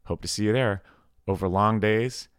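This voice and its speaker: A man's voice: on the low side, moderate pace, clean tone, no room sound, clean studio sound. A man co-hosting a podcast, giving an upbeat promo for its members' club. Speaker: podcast co-host. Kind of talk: casual chat and show promo.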